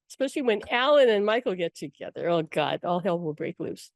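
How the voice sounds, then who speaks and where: A woman spiritual teacher talking casually through a workshop session, telling stories with frequent laughs and quick asides. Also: on the low side, sing-song, gravelly, no echo, clean studio sound. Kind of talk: casual storytelling talk with viewer questions.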